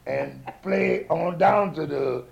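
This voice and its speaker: A man's voice: a little high, slow pace, highs cut off, slight background noise. A man, a touring musician, chatting casually and telling rambling, profane stories with lots of laughter. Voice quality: gravelly. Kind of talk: casual chat.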